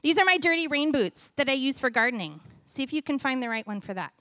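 A middle-aged woman giving a sermon with a children's object lesson, animated and playful as she talks to the kids and the congregation. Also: sits high, fast talker, dry recording. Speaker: church speaker giving a children's message.

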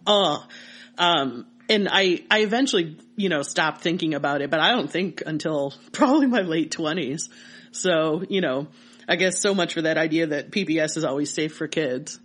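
Woman cohost chatting casual on a podcast, tells stories all lively and expressive. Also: low voice, normal speed. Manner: animated storytelling with laughter. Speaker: podcast co-host. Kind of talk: casual chat.

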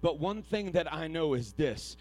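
A preacher with a fairly high voice and lively intonation gives an earnest sermon over soft background music. His stories come out quiet and halting, full of restarts, before he climbs into loud, shouted exhortation.

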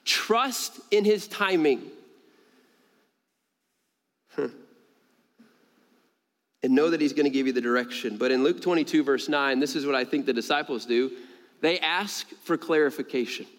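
High-voiced pastor in an echoing hall. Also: male voice, measured pace, pauses often. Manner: animated, rising high on emphasis, laughs between points. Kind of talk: sermon. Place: church sanctuary. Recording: long reverb of a large church hall.

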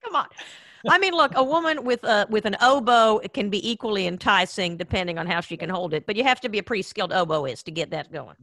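A woman hosting a show, talking in a lively, teasing way in casual chat. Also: medium pitch, fast talker, no echo. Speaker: podcast host.

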